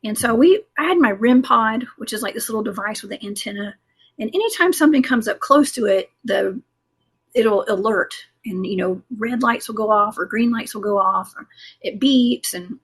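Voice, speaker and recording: A woman's voice: fairly high pitch, animated, a little fast, a bit bright, breathy edge. A woman guest telling a rambling paranormal story in a casual interview, full of fillers and restarts. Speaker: guest, cryptid investigator.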